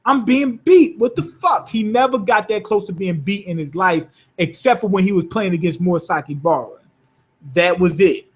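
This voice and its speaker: A man's voice: sits high, husky. A man recapping an anime episode in a loose, rambling, profane way. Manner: profane, rambling, animated retelling. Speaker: anime reviewer.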